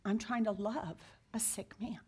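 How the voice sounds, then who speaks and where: A woman in her sixties opens up in a confessional interview, earnest and heartfelt, sometimes lowering her voice almost to a whisper. She speaks at a measured pace in a medium-pitched, steady voice that is mellow and husky.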